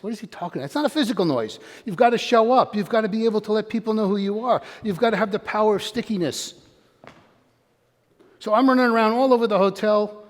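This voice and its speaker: An older man giving an energetic live motivational talk, quizzing and calling out to his audience in a room. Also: high-pitched. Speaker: motivational speaker. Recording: long hall reverb.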